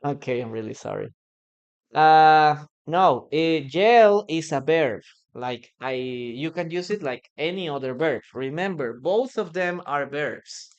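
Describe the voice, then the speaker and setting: A native Spanish speaker teaching English in a live online lesson explains slowly, hesitating often and repeating phrases. Her medium-pitched voice has lively intonation, though the recording sounds muffled.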